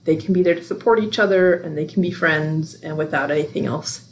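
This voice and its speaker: A woman's voice: sits low, brisk, rough recording. Easygoing woman podcast co-host. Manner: conversational, lots of fillers like "like" and "you know". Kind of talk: casual film recommendation chat.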